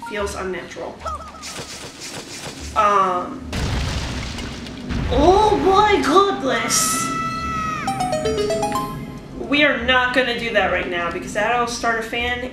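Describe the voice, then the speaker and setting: A woman's voice: medium pitch, normal speed. A woman giving rambling, chatty gameplay commentary, with wry asides to her viewers. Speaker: let's play commentator. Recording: echoey room, distant mic, music behind.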